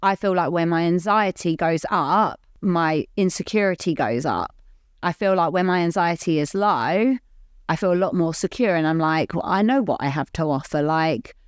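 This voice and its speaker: A woman co-hosts a podcast in candid, casual chat, rambling openly and earnestly with heavy use of "like". Her voice is fairly low, clear, and resonant at normal speed, in a dry, clean studio recording.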